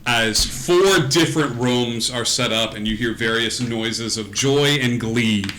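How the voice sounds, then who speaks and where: A man's voice: mid-range voice, measured pace, noisy background. A man narrating a tabletop game as game master on a live stream, loose and rambling with many fillers.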